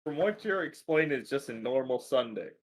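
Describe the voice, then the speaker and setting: A man's voice: medium pitch, expressive, brisk. A young man co-hosting a podcast, throwing in crude jokes during casual chat. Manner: joking, crude banter. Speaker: podcast co-host.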